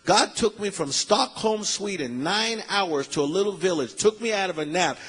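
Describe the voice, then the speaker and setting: A middle-aged man preaching with a high, husky voice. He tells his story in an animated way, acting out each character's lines, and he keeps calling out to the congregation. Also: normal speed, low-quality recording. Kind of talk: sermon storytelling.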